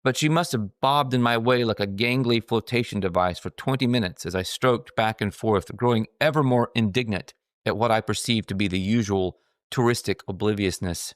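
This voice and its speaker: Man, author reading his memoir, lowish voice, dry close sound, wry self-mocking humor. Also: normal speed, dry recording. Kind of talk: scripted storytelling narration.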